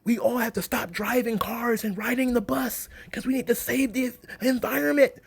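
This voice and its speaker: A man's voice: very high-pitched, fairly even intonation, normal speed, gravelly, breathy edge, pitched above the performer's own voice, heavily acted. A man voicing a whiny, sanctimonious do-gooder who pleads in mock sincerity. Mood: pleading. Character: whiny preachy self-righteous do-gooder man.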